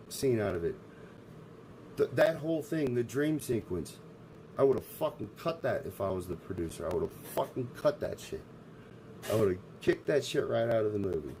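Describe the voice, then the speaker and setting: A man's voice: medium pitch, a little mellow, slight background noise, rough recording. A man streaming live, ranting in a profane, abrasive way. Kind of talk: casual livestream rant.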